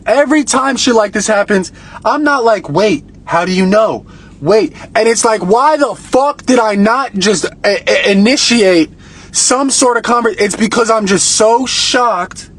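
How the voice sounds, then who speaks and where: High-voiced man rambling on a livestream. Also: measured pace. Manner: profane, rambling, excitable. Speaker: live-streamer. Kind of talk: casual live-stream storytelling. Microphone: phone.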